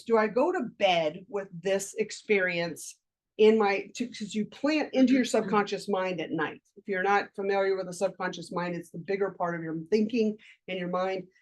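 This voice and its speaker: A life coach leading a live workshop, this woman speaks in a medium-pitched, darkish voice. She lectures and shares personal stories candidly and conversationally, swearing casually.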